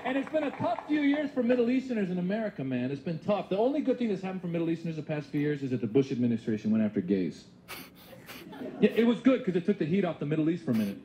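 A man's voice: high voice, sing-song, racing, dark tone. A young male stand-up comedian from Iran with a chatty style full of rhetorical asides, performing a set. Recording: live club with audience laughter and noise.

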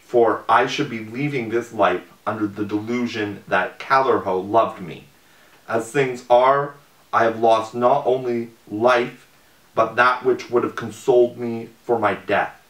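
A man's voice: medium pitch, steady tone, measured pace, a bit bright, natural voice. Despairing young lover read by a man. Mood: bitter despair. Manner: bitter, mournful. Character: despairing young lover about to end his life. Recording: roomy, distant mic.

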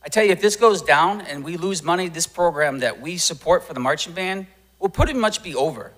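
A man, a band booster parent, giving a frustrated and forceful public comment at a school board meeting. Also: a little high, lively intonation, fairly quick, low-quality recording.

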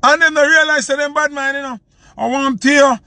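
A man's voice: very high voice, steady tone, fairly quick, sharp tone, no echo. A man from Jamaica with a Jamaican accent, hosting a live stream and ranting heatedly, repeating his points for emphasis. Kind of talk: live-stream commentary rant.

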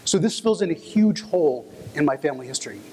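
A man's voice: on the high side, expressive, fast talker, darkish tone, slight background noise. A man from Texas giving a conference presentation, friendly and personal, telling stories with fillers. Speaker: conference speaker. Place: conference hall. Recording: echoey hall, long reverb.

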